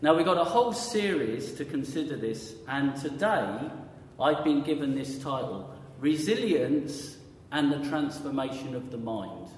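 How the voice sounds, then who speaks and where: Chatty preacher in echoey hall. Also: male voice, medium pitch, lively intonation, a little slow, slight background noise. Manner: chatty, quizzes the audience with questions. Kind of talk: conversational sermon. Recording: echoey hall with long reverb.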